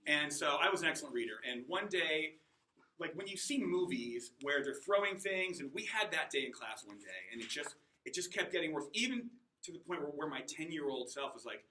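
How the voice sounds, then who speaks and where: Wry, very bright-voiced man in his forties. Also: fairly high pitch, fairly quick, reverberant, a little hiss or hum, rough recording. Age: 40s. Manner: wry, self-mocking, animated storyteller. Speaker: adult student giving a class speech. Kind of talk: comic personal storytelling. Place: classroom.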